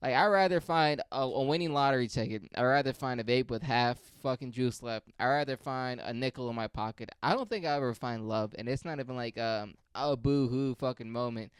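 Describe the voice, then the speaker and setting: A young man talks off the cuff and rambles, swearing freely and making fun of himself. His voice is smooth and clear, and it sits at an ordinary middle pitch. The recording is dry and close, with no room sound. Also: brisk, hardly any pauses, no echo. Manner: profane, rambling, self-mocking. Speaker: podcast host. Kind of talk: casual solo monologue.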